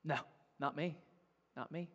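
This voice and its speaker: A man's voice: fairly high pitch, steady tone, a little slow, fairly bright tone, pitched below the performer's own voice. A male preacher voicing Peter as a brash, boastful disciple, blunt and insistent, in a long hall reverb. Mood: evasive.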